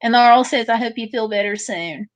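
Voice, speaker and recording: A woman with a slightly high voice hosts a relaxed livestream from home. She reads out viewer comments one after another and answers each in a friendly way. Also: brisk. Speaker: livestream host. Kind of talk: casual livestream chat reading viewer comments.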